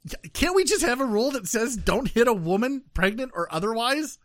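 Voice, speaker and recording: A man's voice: very high voice, lively intonation, brisk, fairly bright tone, no echo, clean studio sound. A man hosting a casual news podcast, joking and rambling with many fillers and restarts. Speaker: podcast host.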